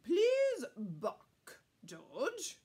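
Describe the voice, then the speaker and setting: A woman voicing a confident male vet in a storybook, speaking in a brisk, self-assured way. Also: sits high, wildly swooping pitch, warm tone, full character voice.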